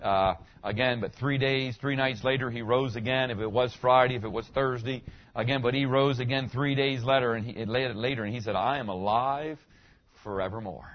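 A man's voice: mid-range voice, fairly even intonation, normal speed, highs cut off. A middle-aged man, a pastor, preaching a sermon in a conversational way, asking the congregation questions as he goes.

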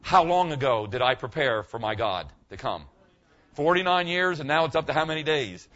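A pastor in his sixties preaching a conversational sermon, checking in with the congregation and swinging from quiet talk to loud exclamations. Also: on the high side, sing-song, moderate pace, lo-fi sound. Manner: conversational, keeps asking the congregation "okay?", swings from quiet to shouting. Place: church.

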